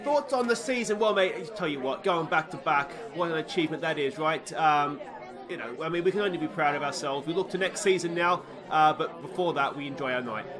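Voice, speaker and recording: A man's voice: fairly high pitch, fairly quick, a crowd in the background. A man with an Australian accent hosting a comic awards-show skit, talking like a showy compère with laid-back banter. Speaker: game channel host.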